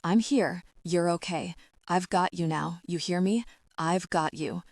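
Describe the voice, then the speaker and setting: A woman voicing a protective middle-aged mafia boss who murmurs soft reassurances, in a dark romance audiobook. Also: lowish voice, unhurried, dry recording, clean studio sound. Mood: tender, soothing. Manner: soft, soothing, repetitive reassurance.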